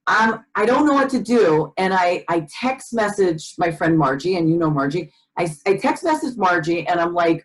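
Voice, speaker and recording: Host, woman, lower-pitched, animated rambling storyteller. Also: moderate pace, few pauses, rough recording. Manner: animated storyteller, many fillers and restarts. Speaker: podcast host. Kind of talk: casual conversation.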